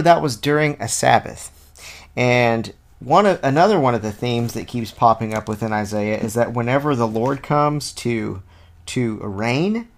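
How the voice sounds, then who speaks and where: A man leading an informal Bible study, reading passages aloud and then explaining them in a relaxed, conversational way, often thinking out loud. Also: medium pitch. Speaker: Bible teacher.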